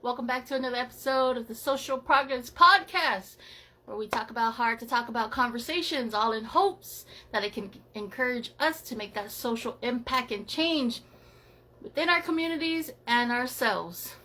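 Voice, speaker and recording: A woman's voice: on the high side, moderate pace, bright, forceful tone. A woman hosting a live podcast, talking in an upbeat, chatty way and often repeating herself. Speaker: podcast host. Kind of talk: casual live-stream chat.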